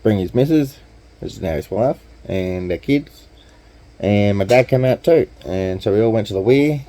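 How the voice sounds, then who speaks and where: Australian man, casual storytelling, deep-ish voice, very mellow tone. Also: expressive, normal speed, poor audio. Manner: laid-back, chatty, slangy. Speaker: vlogger.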